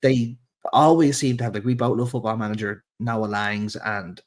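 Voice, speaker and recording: A man's voice: lowish voice, steady tone, moderate pace. A man co-hosting a football podcast, laid-back, swearing casually and laughing easily. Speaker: podcast co-host.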